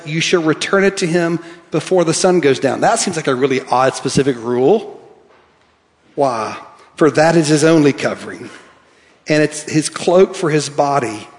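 A pastor preaching a sermon, reading scripture aloud and swinging from soft, quiet lines to emphatic ones. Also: male voice, on the high side, normal speed. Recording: long hall reverb.

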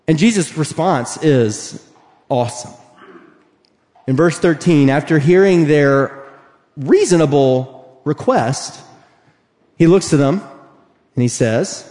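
A man preaching a sermon, animated and emphatic, acting out the voices he quotes. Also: on the high side, normal speed. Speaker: pastor. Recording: long hall reverb.

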